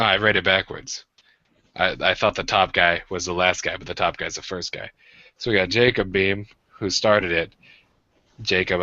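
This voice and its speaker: A man's voice: fairly low pitch, bright, forceful tone, dry recording, dull audio. A young man co-hosting a podcast in casual rambling chat, profane and self-mocking as he tells jokey stories. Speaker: podcast co-host.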